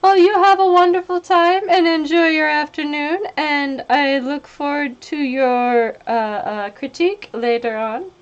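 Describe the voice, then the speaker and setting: A woman's voice: high-pitched, unhurried, muffled recording. A woman streaming live while painting, chatting casually, laughing often and breaking into silly singing.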